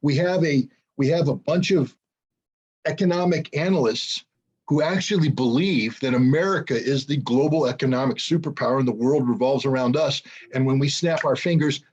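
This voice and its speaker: A man's voice: medium pitch, moderate pace, a little mellow, slightly rough, lo-fi sound. An older man giving blunt, sarcastic political commentary as an interview guest over a video call, with many ums and restarts.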